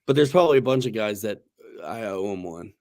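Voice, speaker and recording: A man's voice: lowish voice, animated, fairly quick, a little mellow. A man hosting a casual livestream chat, talking in a laid-back, slangy, rambling way with restarts. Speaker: host.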